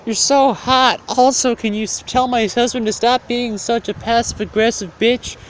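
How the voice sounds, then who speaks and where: A man voicing a sly, flirty married woman in a high mock-feminine squeal. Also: steady tone, normal speed, a little hiss or hum, poor audio.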